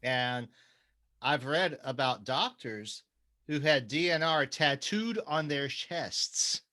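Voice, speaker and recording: A middle-aged man in casual chat who tells stories with energy, swears freely and jumps up in pitch when he quotes people. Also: slow pace. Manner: animated storyteller, swears freely, jumps to high pitch when quoting others.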